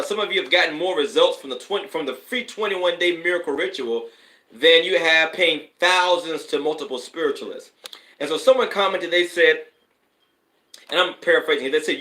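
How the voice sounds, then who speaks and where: A man hosting a live stream as a spiritual advisor, with a bright, forceful voice pitched a bit high. He rambles casually, then surges into emphatic, preacher-like bursts, and the sound rings in an echoey room. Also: lively intonation, moderate pace.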